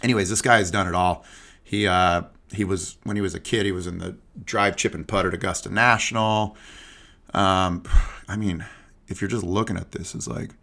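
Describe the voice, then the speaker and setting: Casual male podcast host, young adult, low gravelly voice, rambling chatty delivery. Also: fairly even intonation, normal speed, sharp tone. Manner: loose, chatty, lots of fillers and asides. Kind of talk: casual golf podcast chat.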